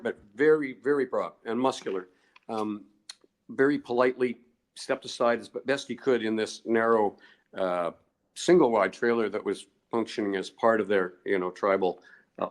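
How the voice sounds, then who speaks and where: A man's voice: lowish voice, normal speed. An older man, a guest researcher, telling long digressive stories in a podcast interview and chuckling often.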